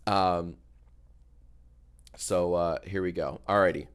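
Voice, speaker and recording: A man's voice: low voice, smooth. A man chatting casually on a livestream, joking and riffing on messages from chat. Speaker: streamer.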